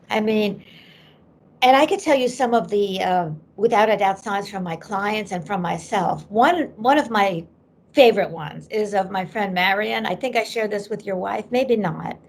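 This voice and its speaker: Brief: middle-aged woman, medium-pitched and gravelly, an animated podcast guest telling a story. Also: measured pace. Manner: animated storyteller who acts out quoted voices.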